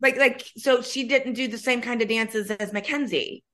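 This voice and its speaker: A middle-aged woman with a bright, sharp-edged voice, chatting frankly on a podcast. She talks earnestly about what she has lived through as a parent. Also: fairly high pitch, fairly even intonation, normal speed. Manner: earnest, frank, speaks from her own experience. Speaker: podcast co-host, mother of former dancers. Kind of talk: casual chat.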